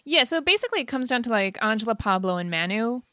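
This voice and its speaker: A woman's voice: fairly high pitch, very animated, quick pace, a bit bright, no echo. Chatty young woman, very dry sound. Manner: chatty, lots of "like" and profanity. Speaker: podcast co-host. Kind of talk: casual movie discussion.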